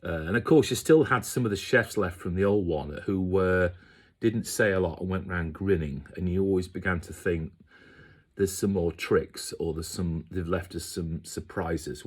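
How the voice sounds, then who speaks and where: A man rambles chattily through memories of his kitchen work as a chef, often slipping into quoted voices to mimic people. His voice sits low and is slightly rough.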